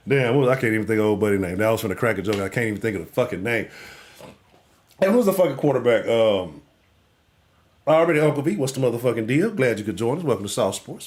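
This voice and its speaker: A man hosting a live sports talk show, ranting in a profane, animated way and swinging between loud outbursts and low mutters. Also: fairly quick, pauses often. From Houston.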